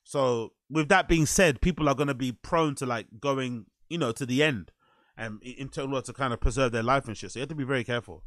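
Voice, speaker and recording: A man's voice: medium pitch, fairly quick, fairly bright tone, no echo, studio quality. A man giving casual reaction commentary in a blunt, incredulous way, swearing freely.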